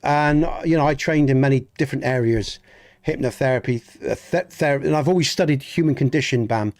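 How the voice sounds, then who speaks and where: A Dorset-accented man from England, streaming a game, chats earnestly with his viewers in a medium-pitched, darkish voice at a slightly fast pace. He rambles, restarts a lot and swears a little.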